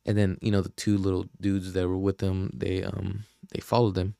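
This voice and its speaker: A young man spins a long, slangy story, packed with fillers, curses and acted-out quotes. His voice sits low with a dark, mellow tone, and it is recorded dry and close with no room sound. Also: completely flat delivery, moderate pace, creaky, smooth, no room sound. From Oakland, California. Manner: slangy, profane, rambling with many fillers. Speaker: podcast host. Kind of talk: casual storytelling.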